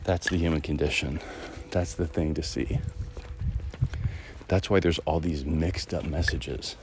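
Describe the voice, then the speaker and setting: Podcast host, man, very deep low voice, loose rambling reflective talk on an outdoor walk. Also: steady tone, measured pace, background noise. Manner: rambling, musing, with many fillers and restarts. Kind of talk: casual reflective monologue. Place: outdoors, walking a dog through a neighborhood.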